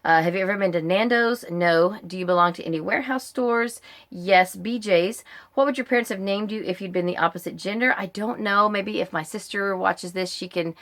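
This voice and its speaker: A woman's voice: medium pitch, fairly quick, fairly bright tone. A middle-aged American woman casually answering a list of questions in her book vlog, chatty and rambling with frequent ums and uhs. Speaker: book vlogger.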